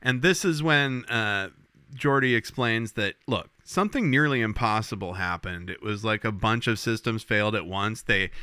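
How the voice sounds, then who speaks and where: A man co-hosting a podcast, recapping a TV episode in casual chat, animated and swearing as he acts out characters' lines. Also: lowish voice, moderate pace, clean tone, dry recording. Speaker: podcast co-host.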